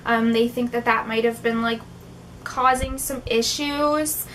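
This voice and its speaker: A woman's voice: fairly high pitch, fairly even intonation, a little slow, fairly bright tone, slight background noise. A young woman vlogging in an emotional, heartfelt way, tearful at times, with many fillers like "um" and "like". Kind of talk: emotional personal vlog talk.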